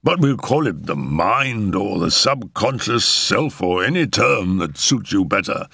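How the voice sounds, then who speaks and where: Man reading as an unhurried older doc, deep gravelly voice, dry and wry. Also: fairly bright tone, dry recording, exaggerated voice. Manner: unhurried, wry, matter-of-fact. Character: calm older male doctor, dry and soothing. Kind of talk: audiobook character reading.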